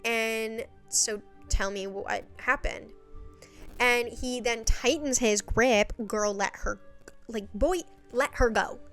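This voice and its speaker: A woman's voice: on the high side, slow, fairly bright tone, soft background music. A young woman giving a casual, chatty recap of a web series, full of sassy, exasperated asides.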